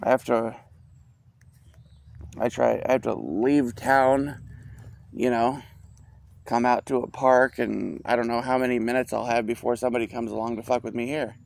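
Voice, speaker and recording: A man's voice: medium pitch, steady tone, moderate pace, gravelly, long pauses, a little hiss or hum. A man rambling outdoors in a park, profane and meandering, trailing off with a rueful tone.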